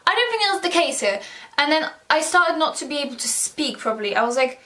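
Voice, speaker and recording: A woman's voice: expressive, brisk, a bit bright. A teenage girl telling a personal story in a casual vlog, full of "like" fillers, swearing and self-mocking jokes. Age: teens. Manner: acts out quoted voices with pitch jumps. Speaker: vlogger.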